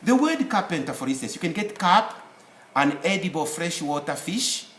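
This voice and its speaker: Lively man teaching in an echoey room. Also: fairly high pitch, normal speed. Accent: African English. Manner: lively, repeats words to drill pronunciation. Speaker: English language teacher. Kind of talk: recorded spelling and pronunciation lesson. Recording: echoey room, faint background noise.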